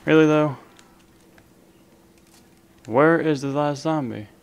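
A young gaming channel host, his voice a little high and clean, talks slowly through a round of an online zombie game as live commentary. He counts his kills and cracks jokes at the random players alongside him, casual and relaxed, while leaning in close to his desk microphone to be heard over the game.

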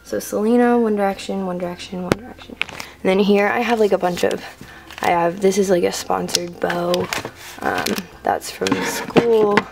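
A woman's voice: medium pitch, animated, moderate pace, creaky, noisy background. A teenage girl giving a rambling, filler-heavy room-tour vlog to a handheld camera in her bedroom. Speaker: vlogger.

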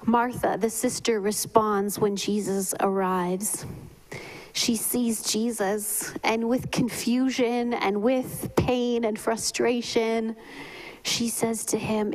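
A woman preaching a memorial sermon in a slow, measured way, often dropping to a whisper. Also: a little high, steady tone, low-quality recording. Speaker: pastor giving a eulogy.

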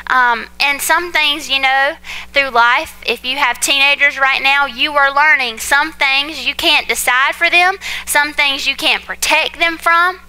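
A young woman, preaching a sermon and telling personal stories in a chatty, animated way that speaks straight to the congregation. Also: high-pitched, moderate pace, poor audio. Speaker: pastor's wife preaching.

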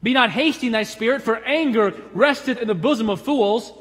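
A man preaching from the pulpit with a fairly high voice that climbs into emphatic, almost shouted calls and then sinks quiet. He acts out the people in his stories. A long church reverb trails every phrase. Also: brisk. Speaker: pastor. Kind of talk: sermon. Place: church sanctuary.

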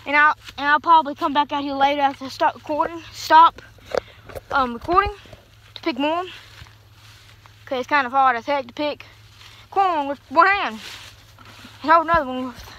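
A woman's voice: high-pitched, normal speed, pauses often, sharp tone. A young woman vlogging as she picks corn, chatty and rambling as she talks to her viewers, out of breath, holding her phone in one hand. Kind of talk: casual vlog. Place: outdoors in a cornfield. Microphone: phone held in one hand. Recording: noisy outdoor phone recording.

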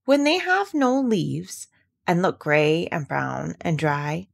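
A woman's voice: fairly low pitch, lively intonation, takes it slowly, vocal fry, exaggerated voice. A woman voicing a curious young girl who asks eager questions in a raised voice.

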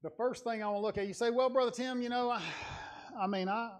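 High-voiced man preaching a sermon. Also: fairly even intonation, fast. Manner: earnest, conversational preaching with rising emphatic passages. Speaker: lay preacher. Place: church sanctuary.

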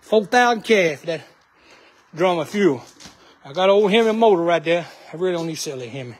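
A man's voice: sits high, lively intonation, fairly quick. A man talking casually in a vlog outdoors. He calls out short directions and then hawks things for sale in a joking patter. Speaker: vlog host.

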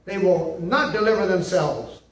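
A man with a high-pitched voice preaches at a slightly slow pace, insistent and repetitive, regularly asking "see?". The mic sits far off in an echoey room.

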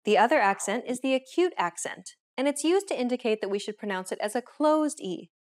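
A woman's voice: fairly high pitch, animated, a little fast. Woman hosting a scripted language lesson.

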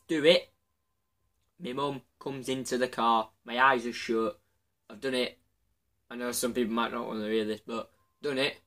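Bright-voiced Yorkshire lad telling stories. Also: male voice, mid-range voice, moderate pace. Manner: rambling, chatty, laughs at himself. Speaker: channel host. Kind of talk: casual confessional storytelling.

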